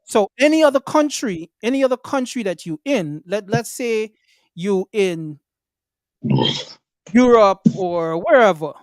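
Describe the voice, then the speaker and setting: A man's voice: high voice, lively intonation, unhurried, dry recording, studio quality. A man interviewing a guest, rephrasing his questions to get at the point.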